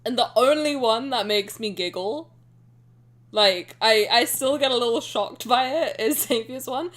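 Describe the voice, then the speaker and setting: A woman streamer chatting casually and excitably with her viewers, rambling and swearing now and then. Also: on the high side, unhurried. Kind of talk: casual live-stream chat.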